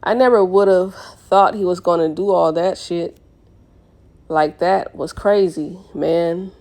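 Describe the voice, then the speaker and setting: A woman's voice: on the low side, steady tone, unhurried, a little mellow. A woman reading aloud, voicing a chatty young woman friend using casual slang. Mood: amused.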